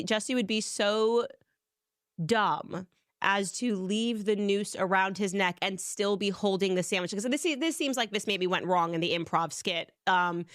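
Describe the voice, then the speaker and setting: A woman's voice: medium pitch, fairly bright tone, dry recording, studio quality. A woman hosting an interview, teasing her guests and laughing often. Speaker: interview host. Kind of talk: conversational interview.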